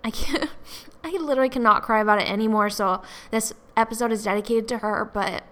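A woman's voice: fairly high pitch, a little fast, fairly bright tone. A young woman in her twenties hosting a solo podcast, talking in a rambling, chatty way full of "like" fillers, tearful from recent crying. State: tearful, has been crying. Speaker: podcast host. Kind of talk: casual solo podcast talk.

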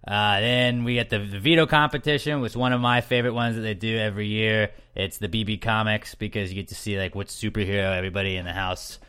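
A man's voice: on the low side, fairly even intonation, fast, few pauses, pushed and bright, clean tone. A young man hosting a podcast, recapping in a loose, joking, rambling chat full of fillers. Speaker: podcast host.

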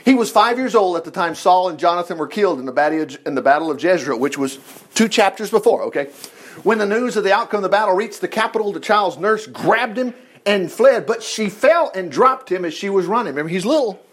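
High, animated folksy Bible teacher. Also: male voice, a little fast. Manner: folksy, asides and rhetorical questions.

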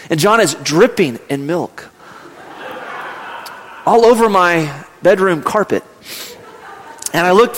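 A man in his thirties, a pastor, preaching a sermon and telling a family story, sometimes raising his voice. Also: high voice. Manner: storytelling, rising to loud acted yelling in anecdotes. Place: church sanctuary. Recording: long hall reverb.

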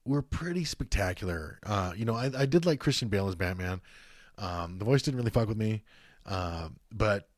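A man's voice: lowish voice, no echo, studio quality. A man co-hosting a casual podcast chat, swearing and using lots of fillers. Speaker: podcast co-host.

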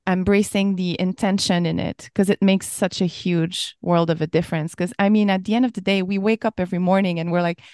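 A woman's voice: fairly low pitch, steady tone, fairly quick, few pauses, a little mellow, smooth, no room sound. Woman cohost being all earnest n heartfelt, dry close sound. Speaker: podcast co-host. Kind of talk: casual podcast chat.

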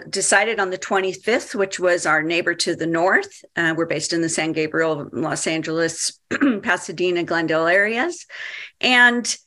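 A woman's voice: fairly low pitch, sharp tone. A woman in her fifties, an activist and founder, giving a workshop presentation in a chatty, hesitant way with many fillers.

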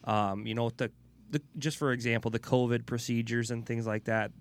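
A man's voice: mid-range voice, level tone, a little fast. A man hosting a casual podcast, friendly and appreciative, laughing easily. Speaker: podcast host, teacher.

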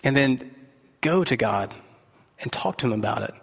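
A man's voice: mid-range voice, animated, normal speed, vocal fry, fairly bright tone, breathy edge. A man preaching a sermon to a live congregation in an earnest, conversational way, asking his listeners direct questions. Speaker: pastor. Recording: echoey hall reverb.

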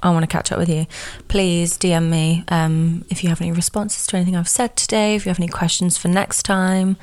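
A woman's voice: lowish voice, little pitch movement, fairly quick, a little mellow. A young woman, hosting her podcast in a chatty storytelling way, full of "like" and "um". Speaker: podcast host. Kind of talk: casual chat.

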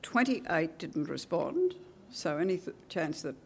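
An older woman with an Australian accent, a retired teacher, recounting her career with lively acted-out dialogue and wry asides. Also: sits low, measured pace, creaky, a little hiss or hum. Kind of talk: oral history reminiscence.

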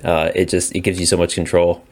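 A man co-hosting a casual video game podcast, relaxed and rambling, laughing often. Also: sits low, fairly quick. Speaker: podcast co-host. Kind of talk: casual gaming chat.

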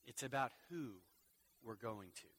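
A male pastor preaches expressively in a mid-range voice, veering between quiet, drawn-out lines and forceful, loud ones.

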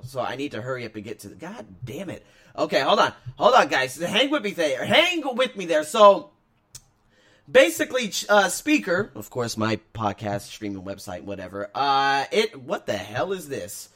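A man hosting his own podcast, talking casually and rambling, swinging between loud excitement and low mutters. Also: normal speed. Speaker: podcast host. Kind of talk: casual solo podcast talk.

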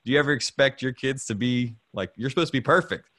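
Speaking fast in a medium-pitched, slightly bright voice, this man in his thirties hosts a podcast conversation about faith and fatherhood on a video call. He rambles casually, repeats words, and chuckles a lot. The audio is dry and studio quality.

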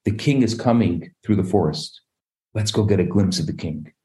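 A man, a rabbi, telling a parable in an animated sermon, acting out the voices of its characters. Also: low-pitched, moderate pace. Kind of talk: storytelling sermon.

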